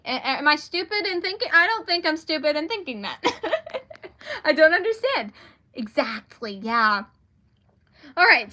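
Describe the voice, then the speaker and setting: Young female author, livestream host; higher-pitched, bright tone, laughs a lot, chatty and self-deprecating. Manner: giggly, rambling, self-deprecating. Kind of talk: casual livestream chat.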